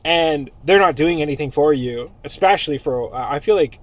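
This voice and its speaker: A man's voice: fairly high pitch, moderate pace, no room sound. A man hosting a casual podcast chat, crude and joking, often laughing. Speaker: podcast host.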